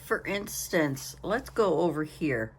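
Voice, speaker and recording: Older woman, craft vlog host, tired and chatty, unhurried delivery, faint hum in the background. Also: sits low, animated. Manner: chatty, rambling, yawning, apologetic. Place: home.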